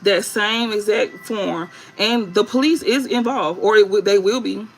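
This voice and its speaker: A woman's voice: mid-range voice, unhurried, low-quality recording. A woman tarot reader talking straight to her viewers, emphatic and blunt, repeating her points and swearing freely. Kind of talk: spiritual reading to viewers.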